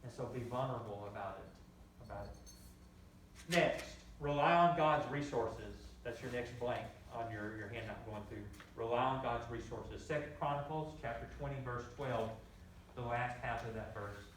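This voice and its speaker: A man's voice: mid-range voice, normal speed, fairly bright tone, a little hiss or hum. A man preaching a sermon as pastor, repeating key phrases and rising in emphasis. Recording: echoey room heard from a distance.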